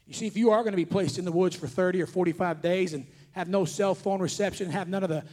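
High-voiced man preaching a sermon. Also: fairly even intonation, quick pace. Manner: earnest, repetitive, rising to shouts on key points. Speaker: traveling preacher. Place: conference hall before an audience.

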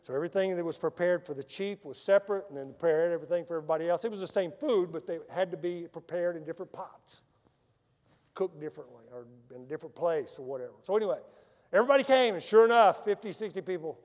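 Male missionary preacher, fairly high voice, dramatic storyteller, large church hall with long echo. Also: animated, fast. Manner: dramatic storyteller, swinging from loud emphasis to hushed soft lines. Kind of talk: sermon with personal storytelling.

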